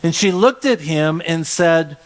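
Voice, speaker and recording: A man's voice: fairly high pitch, expressive, unhurried. A man pastor preaching a sermon in a conversational way, often restarting phrases and stretching words for emphasis.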